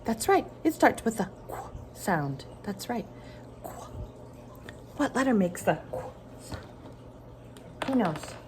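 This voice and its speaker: A woman teaching a phonics lesson to young children, slow and sing-song, giving encouraging prompts and pausing for answers. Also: fairly high pitch, sing-song, background noise.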